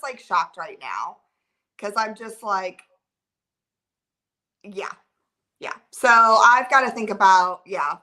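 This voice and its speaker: A woman's voice: medium pitch, bright, forceful tone. A woman in her thirties hosting a casual livestream and answering viewer comments. She talks in a rambling, flustered, emotional way, full of filler words. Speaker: livestream host.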